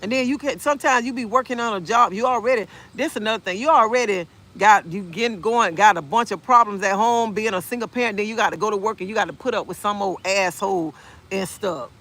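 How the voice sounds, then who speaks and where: A woman, chatting on a phone live stream outdoors in a park. She talks in an outspoken, animated way and answers viewer comments as she goes. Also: medium pitch, quick pace. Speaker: livestreamer. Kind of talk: casual live-stream chat.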